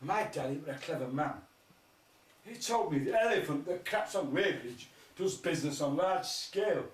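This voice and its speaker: A man's voice: fairly high pitch, expressive, normal speed. A man doing rambling surreal stand-up, firing crude absurd one-liners and laughing at his own jokes. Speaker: stand-up comedian. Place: live music festival stage. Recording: echoey, distant mic, faint noise.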